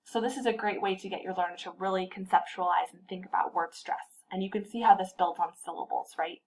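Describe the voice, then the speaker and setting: A woman gives a short instructional tip for literacy tutors. She speaks in a clear, patient teaching voice and draws out example words slowly to show where the stress falls. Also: mid-range voice, steady tone, a little hiss or hum, poor audio.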